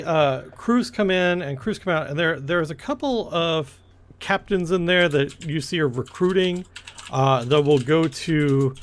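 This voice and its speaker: A man narrating a tabletop game as game master, rambling with many fillers and restarts. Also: a little high.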